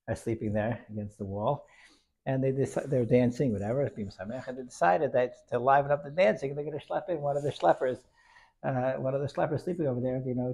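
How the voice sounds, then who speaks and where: A man's voice: mid-range voice, dark tone. A man telling a Hasidic story in an informal lesson, rambling with many restarts and dropping in Yiddish and Hebrew terms.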